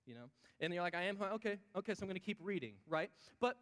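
A male pastor preaches with a slightly raised pitch, talking with the congregation and asking them questions. His voice rings out in a hall with long reverb. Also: animated, racing, hardly any pauses, a bit bright. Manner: conversational, asks the audience questions. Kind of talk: sermon.

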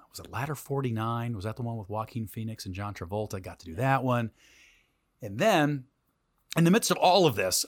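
Middle-aged tv anchor guy telling a story, lively ups and downs, dry close sound. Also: mid-range voice, no echo. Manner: animated, swings between loud and quiet while telling a story. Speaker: TV news anchor. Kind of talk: interview storytelling.

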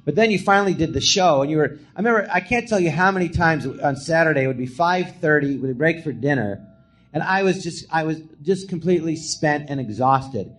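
A middle-aged comedian telling stories from his career in a casual chat, acting out what people said in a hushed voice. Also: on the high side, brisk. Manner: animated storyteller, acts out quotes in a hushed voice. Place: small live podcast theatre.

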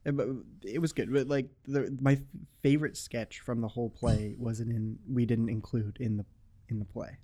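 Young adult male guest, mellow tone, loose rambling chat. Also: medium pitch, fairly even intonation, normal speed. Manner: rambling, full of "like" fillers. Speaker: podcast guest. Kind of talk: casual chat.

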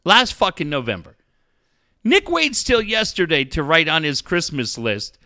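A man's voice: a little high, huge pitch swings, measured pace, bright, forceful tone. A man hosting a sports radio show, ranting sarcastically and swearing constantly. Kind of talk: profane sports talk rant.

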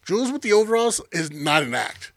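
Profane, teasing man with a bright voice. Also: high-pitched, sing-song, fairly quick, no room sound. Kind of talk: casual chat, comic storytelling.

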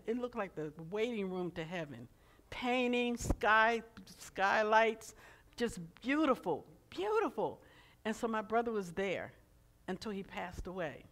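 A woman in her seventies delivering a sermon in a high, bright voice. She moves between storytelling and loud, emphatic preaching with fervent energy. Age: 70s.

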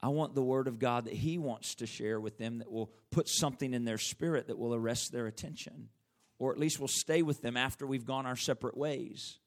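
A man's voice: medium pitch, a little fast. A middle-aged man preaching a sermon in an earnest, conversational way.

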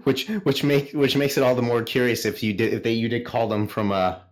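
A man's voice: mid-range voice, fairly quick. Casual, swearing male podcast host. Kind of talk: casual chat.

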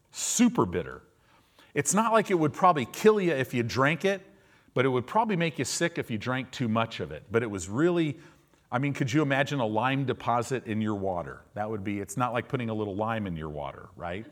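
A male pastor preaching in a conversational way, asking his listeners questions and acting out people's reactions. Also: mid-range voice. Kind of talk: sermon.

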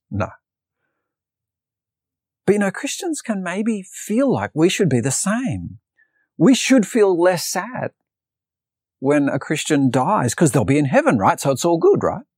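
A man's voice: a little high, creaky, darkish tone, breathy edge, no room sound, studio quality. A man preaching an earnest sermon, telling a personal story and reading Bible passages aloud. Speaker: pastor. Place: preaching to an online congregation.

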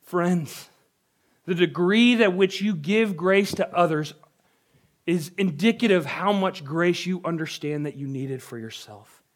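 Young male pastor, fairly high voice, earnest conversational preaching. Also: a little slow. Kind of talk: sermon.

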